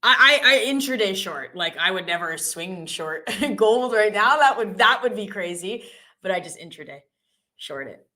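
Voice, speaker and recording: A woman hosting a live trading stream, chatty and joking with quick asides. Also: mid-range voice, animated, bright, forceful tone. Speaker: live-stream host trader. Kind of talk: casual live-stream chat.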